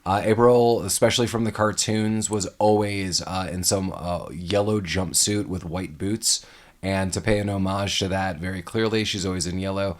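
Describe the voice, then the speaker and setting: A man's voice: low-pitched, fairly even intonation, normal speed. A man co-hosting a podcast, chatting casually about an old movie, laughing often and slipping into mock voices. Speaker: podcast co-host.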